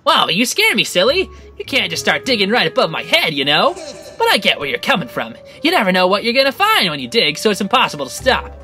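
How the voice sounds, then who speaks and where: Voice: mid-range voice, wildly swooping pitch, fast, pushed and bright, faint music behind. A gamer reading aloud the lines of a friendly male mole-like digger creature in an easygoing, chatty way. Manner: reads game dialogue aloud in a chatty, easygoing way. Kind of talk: reading in-game dialogue aloud.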